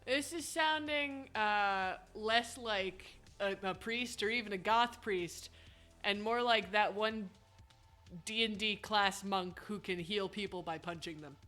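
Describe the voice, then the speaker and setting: Brief: very bright, unhurried woman streamer, laughing and swearing as she plays. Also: medium pitch, faint music behind. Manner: chatty, laughing, swearing asides. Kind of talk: casual gaming commentary. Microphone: headphones and desk mic.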